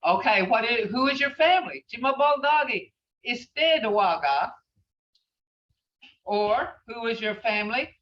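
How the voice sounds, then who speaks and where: A woman's voice: a little high, expressive, a little slow, far from the mic. A woman teaching a language class, patiently repeating phrases as she explains them. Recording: muffled, roomy, from off mic.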